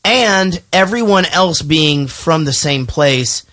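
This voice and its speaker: A man's voice: a little high, expressive, slow pace, a bit bright. A man hosting a podcast in casual chat. He rambles and swears freely. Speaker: podcast host.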